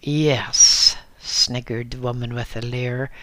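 A man narrating a story in a measured, deliberate reading. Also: medium pitch, vocal fry, pushed and bright, dry recording.

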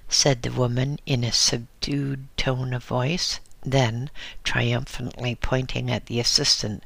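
Slow, gravelly male storyteller. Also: mid-range voice, level tone, a bit bright, dry recording. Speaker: narrator. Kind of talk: scripted story narration.

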